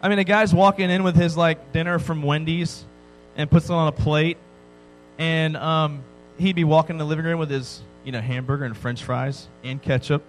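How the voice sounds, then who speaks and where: A man with a slightly higher voice preaching to a young crowd. He jokes, tells stories and keeps asking "right?" A faint music bed runs under him. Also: moderate pace, poor audio. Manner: joking, animated storytelling with frequent "right?" asides. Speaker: pastor. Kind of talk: sermon to a youth audience.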